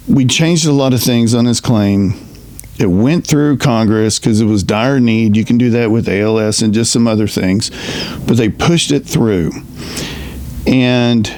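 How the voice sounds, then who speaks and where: A middle-aged man, a retired veterans' representative, speaking earnestly in a halting personal monologue full of restarts. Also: medium pitch, darkish tone, a little hiss or hum. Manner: earnest, halting storyteller with many restarts and fillers.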